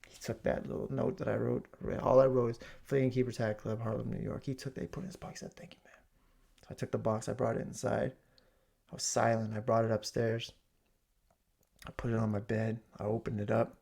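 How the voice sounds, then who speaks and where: Gravelly-voiced man, mid-pitch, comedic rant, loud bursts and hushed asides. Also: a little fast. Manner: animated storytelling, swinging from loud exclamations to hushed asides. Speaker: comedic ranter. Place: home basement.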